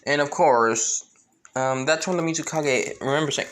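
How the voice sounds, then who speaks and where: A man's voice: fairly high pitch, normal speed, fairly bright tone, slight background noise. A man narrating an improvised fan story, rambling and correcting himself often.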